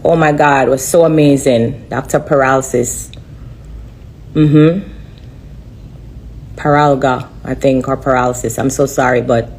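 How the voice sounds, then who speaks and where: Woman, low voice, earnest halting live-stream testimony. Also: darkish tone. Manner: earnest, halting, repeats herself. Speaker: livestreamer sharing a testimony.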